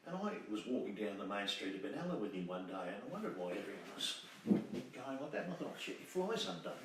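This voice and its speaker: A man's voice: on the low side, sing-song, quick pace. An older Australian man telling rambling, chatty anecdotes and laughing at old memories. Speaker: storyteller. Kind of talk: casual reminiscing. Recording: distant mic in echoey room, faint hiss.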